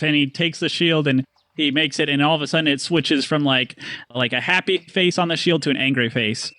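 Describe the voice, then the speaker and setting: A man narrating as game master in a tabletop game, fast and casual, with many fillers. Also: fairly high pitch, pushed and bright, dry recording.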